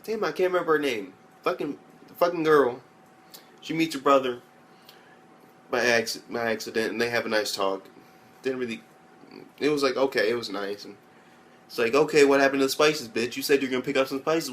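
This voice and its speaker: A man's voice: mid-range voice, a little fast, long pauses, fairly bright tone. Rambling, foul-mouthed young man. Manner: rambling, loose, swears a lot, mimics characters in raised voices. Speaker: anime reviewer. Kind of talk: casual profane recap.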